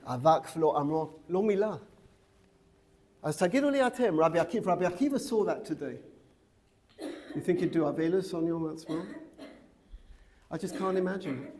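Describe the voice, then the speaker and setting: A middle-aged man, a rabbi teaching a women's seminary class, who tells a story, asks the class rhetorical questions and grows loud and excited, switching between Hebrew and English. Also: fairly high pitch, slight background noise. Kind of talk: lively Torah lecture with storytelling.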